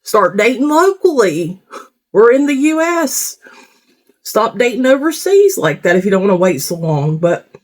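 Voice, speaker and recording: A woman's voice: a little high, big pitch swings, a little slow, a little mellow. A woman giving casual reaction commentary on a reality show, blunt and rambling, swearing freely.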